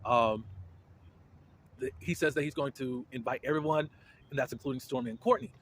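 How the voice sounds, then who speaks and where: A man giving casual, blunt commentary as a reality TV recap host, with indignant, animated reactions. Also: medium pitch, fairly quick, slight background noise.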